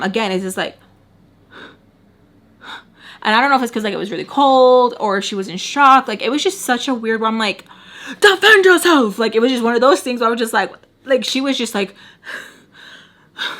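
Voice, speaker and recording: A woman's voice: on the high side, a bit bright. A woman in her twenties telling a story in a casual, chatty way, filling her sentences with "like". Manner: chatty, peppered with "like", acts out quotes. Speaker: storytime vlogger.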